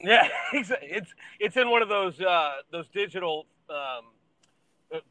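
A man's voice: high voice, animated, unhurried, bright, forceful tone, dry recording, rough recording. A middle-aged man, a podcast guest, telling rambling stories in casual chat. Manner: rambling anecdotes with fillers and restarts. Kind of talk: casual storytelling.

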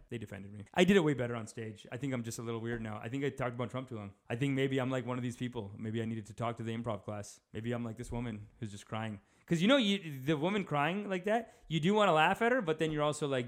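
A man's voice: mid-range voice, fast. A man hosting a comedy podcast, talking loosely and mocking himself, full of restarts and asides. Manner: loose, self-mocking, rambling with many restarts. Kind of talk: rambling stand-up podcast chat.

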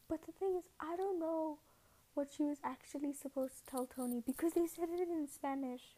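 A woman's voice: sits high, moderate pace, dark tone, poor audio. A woman hosting a casual podcast, retelling a story in a rambling way, correcting herself often and acting out the quotes. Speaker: podcast host.

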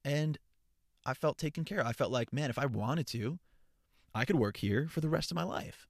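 A young man hosting his own podcast from inside a car, chatting casually in an energetic, profane, rambling way with lots of restarts. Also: mid-range voice, normal speed, creaky, no room sound, studio quality. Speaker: podcast host and content creator. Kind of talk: casual solo podcast chat. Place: parked car.

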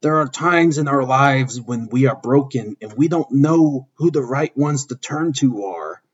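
A man voicing an aging father wrestler, speaking softly and solemnly in a husky voice, on a dull lo-fi recording. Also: mid-range voice, animated, a little slow.

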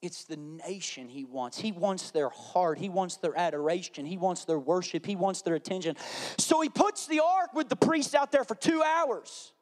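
A man's voice: high voice, moderate pace. A man preaching a sermon, acting out voices and repeating phrases for effect. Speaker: pastor. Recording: faint music behind.

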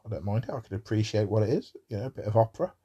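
A man's voice: fairly low pitch, animated, very fast, warm tone, slightly rough, dull audio. A man talking in a rambling casual monologue about music, with wry asides.

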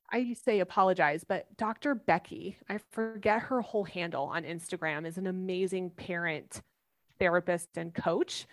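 A woman's voice: medium pitch, a bit bright. A woman in her thirties, a mother answering interview questions earnestly and animatedly, acting out everyday examples. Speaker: parenting guest expert.

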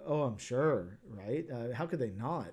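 A man's voice: medium pitch, animated, unhurried, darkish tone. A man co-hosting a casual comics podcast, talking in a rambling way with many restarts. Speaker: podcast co-host.

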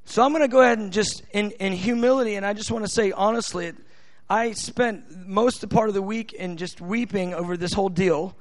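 An American man delivers a sermon in a fairly high voice, his delivery halting with many restarts before it swells into shouted, impassioned prayer. The sound is dry and close, with little room around it. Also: dry recording. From United States. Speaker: preacher.

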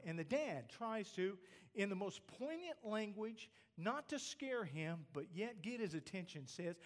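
High, lively preacher man. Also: a little slow. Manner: animated preaching, drops to soft asides, repeats "okay?". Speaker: pastor. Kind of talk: sermon. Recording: long reverb of a large hall.

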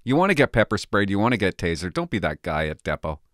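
A man's voice: deep voice, sing-song, fast talker, fairly bright tone, no echo, clean studio sound. A former police officer talking casually to camera, nervous and laughing to himself as he pries open a device. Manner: nervous, laughing, talks to himself while tinkering. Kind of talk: casual vlog narration.

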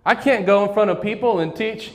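A man preaches a sermon from the pulpit, his voice pitched high. He keeps prompting the congregation to say words back to him. The sound carries a long church-hall reverb. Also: fairly quick. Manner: call-and-response preaching, asks congregation to repeat. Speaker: pastor. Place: church sanctuary.

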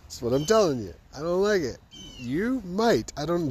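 A man's voice: fairly high pitch, very animated, fairly quick, darkish tone, a little hiss or hum. A man in a casual comedic monologue, hosting his own show, sarcastic and laughing at his own stories. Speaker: podcast host.

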